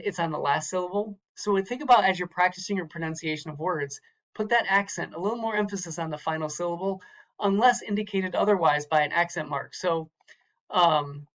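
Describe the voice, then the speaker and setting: In a slightly high, somewhat bright voice, a man who teaches Hebrew works through slides in a recorded lecture, breaking words into syllables and saying them again. The audio sounds dull.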